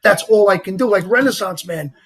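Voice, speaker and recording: An actor appears as a guest in a casual interview, speaking with a heavy New York accent in a high, brisk voice that has a breathy edge. He's animated and rambling, using lots of "you know" and "like."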